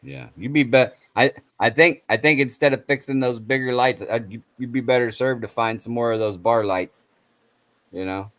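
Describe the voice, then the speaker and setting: A man's voice: mid-range voice, fairly even intonation, normal speed, a bit bright, no echo. A man chatting casually as a guest on a stream, easygoing and repeating his advice. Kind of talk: casual chat.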